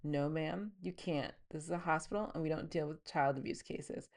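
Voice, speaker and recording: A woman's voice: sits low, normal speed, a little mellow. A woman reading her novel aloud and stopping now and then to explain scenes in a chatty, offhand way. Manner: reads the scene plainly, then breaks into chatty asides. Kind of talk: book reading with commentary.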